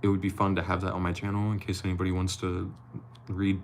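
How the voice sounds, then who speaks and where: Low, gravelly-voiced man chatting on a live stream. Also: monotone, quick pace, a little hiss or hum. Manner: loose and chatty, swears casually, slips while reading. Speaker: live-stream host reading a novel aloud. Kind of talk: casual live-stream reading and chatting with viewers.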